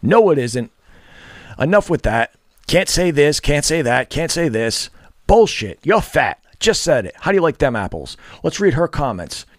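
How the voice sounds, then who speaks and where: A man's voice: on the high side, big pitch swings, moderate pace, no echo. A man ranting bluntly to camera as a fitness and dating vlogger, profane, scornful and lecturing.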